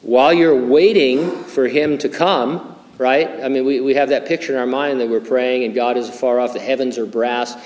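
A man's voice: mid-range voice, steady tone, normal speed, few pauses, a little mellow, big-room sound. An older male pastor preaching a conversational sermon, full of fillers, restarts and wry humor. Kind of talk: sermon with Bible teaching.

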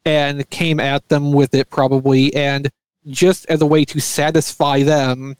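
A man's voice: a little high, little pitch movement, a little slow, a little mellow, clean tone, no echo. A man co-hosting a casual podcast with a wry, teasing way of talking. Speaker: podcast co-host. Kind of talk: casual chat.

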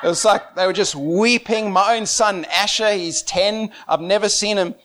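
A man preaching and telling a story with excitement. He laughs often and swings between quiet and loud. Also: high-pitched, moderate pace, noisy background. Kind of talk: animated storytelling sermon.

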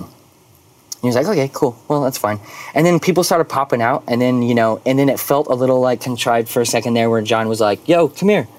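Animated man telling a story, lots of fillers. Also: medium pitch, brisk. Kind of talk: casual storytelling.

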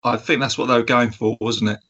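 A man co-hosts a film review podcast, chatting casually and rambling with plenty of ums, hesitations, and laughs. His voice is medium-pitched with fairly even intonation and a sharp tone, he talks a little fast, and the sound is lo-fi.

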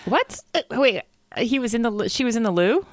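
A woman's voice: on the high side, expressive, brisk, dry recording, clean studio sound. A woman co-hosting a comedy podcast, reacting with giggly disgust and disbelief. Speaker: podcast co-host. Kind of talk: casual comedic chat.

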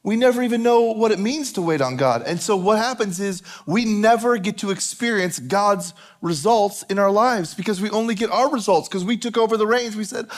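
A man's voice: high voice, a little fast, hardly any pauses. A man preaching a sermon as a pastor, conversational and repeating phrases for emphasis.

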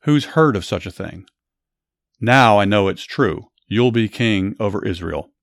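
A man's voice: lowish voice, expressive, a little slow, creaky, dry recording, studio quality. A man voicing a remorseful king who begs for mercy for his family in a Bible story. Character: remorseful old king Saul, broken and pleading.

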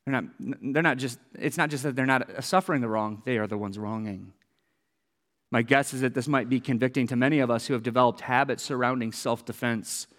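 Earnest pastor preaching in a hall. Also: male voice, mid-range voice, fairly quick, a bit bright. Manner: earnest, repeats phrases for emphasis, wry asides. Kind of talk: sermon.

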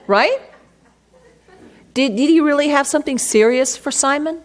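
A woman's voice: sits high, moderate pace, long pauses. A woman teaching from scripture in a conversational way, reading verses aloud and then asking her listeners rhetorical questions. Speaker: Bible teacher.

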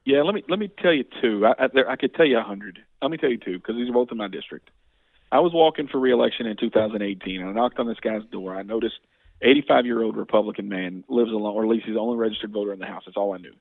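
A man in his forties talks fast and earnestly as a guest, often stumbling over his own restarts. His voice has a gravelly, fry-heavy edge. It comes through a tinny, phone-like line with a dry sound. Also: lowish voice, no room sound. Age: 40s. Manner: earnest, rapid talker with frequent restarts. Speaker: state legislator, guest. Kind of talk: casual interview, storytelling.

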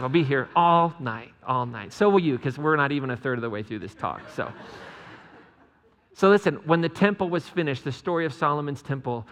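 A man's voice: mid-range voice, a bit bright, long reverb tail, a little hiss or hum. A man preaching a conversational sermon, joking with the congregation in chatty asides. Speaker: pastor.

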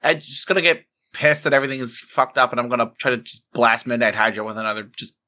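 A man playing in a tabletop game, reacting in an animated way. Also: mid-range voice, fast. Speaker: tabletop player.

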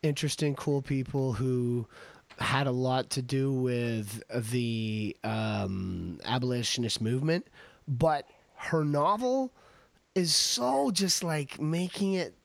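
A man's voice: medium pitch, slow, vocal fry, dry recording. A man hosting a podcast in casual chat, joking and rambling with frequent restarts. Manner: joking, rambling, self-interrupting. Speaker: podcast host.

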